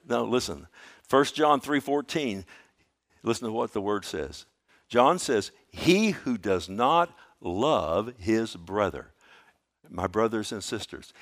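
A man preaching a sermon to his church. He asks rhetorical questions and reads scripture aloud, swinging between loud emphasis and a hushed, slow delivery. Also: mid-range voice. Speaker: pastor.

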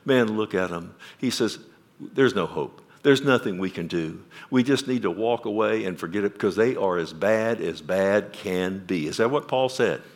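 A male pastor, preaching a sermon. He questions the congregation and swings from loud emphasis down to quiet. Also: on the low side, lively intonation, moderate pace.

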